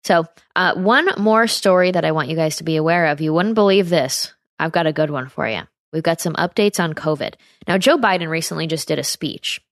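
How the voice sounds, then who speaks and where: American woman host, low voice, reads news then snarks at her viewers, very dry sound. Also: fairly quick, hardly any pauses, no echo. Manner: sarcastic, chatty asides to viewers. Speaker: political commentary host. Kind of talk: reading news with commentary.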